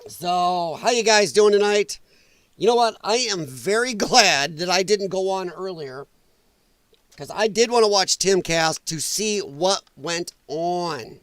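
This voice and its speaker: A man hosting a casual reaction livestream, his voice strained and damaged from breathing trouble, blunt and opinionated and quick to swear. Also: sits high, expressive, a bit bright, clean tone, no echo. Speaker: livestream host.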